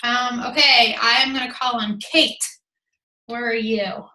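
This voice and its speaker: A woman hosting a team call, effusive and animated. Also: a little high, unhurried. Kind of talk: casual group call. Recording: echoey room.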